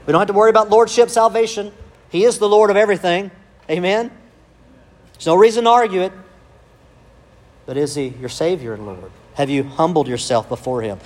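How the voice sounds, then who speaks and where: A pastor delivers an emphatic sermon. His voice sits a bit high for a man, and he presses his points with rhetorical questions and calls of amen. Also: animated, fairly quick, pauses often.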